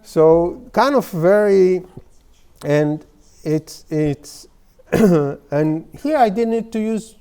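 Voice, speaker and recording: A man giving an informal workshop lecture on therapy, in halting, full of "you know" and restarts. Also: high-pitched, mellow, clean tone. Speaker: psychotherapy lecturer. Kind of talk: workshop lecture with case stories.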